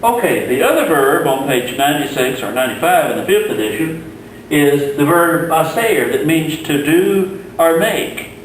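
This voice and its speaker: A man giving a recorded Spanish grammar lesson, explaining slowly and patiently with the odd filler. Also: a little high, lively intonation, slight background noise. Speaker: Spanish teacher. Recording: very echoey room, mic far off.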